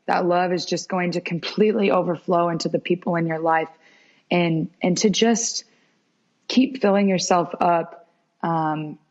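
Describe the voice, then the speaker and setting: A young woman, a podcast guest, telling stories in a casual interview and acting out the dialogue. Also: lowish voice. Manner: animated, acts out quoted dialogue. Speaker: podcast guest, former pro soccer goalkeeper. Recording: dull lo-fi podcast audio.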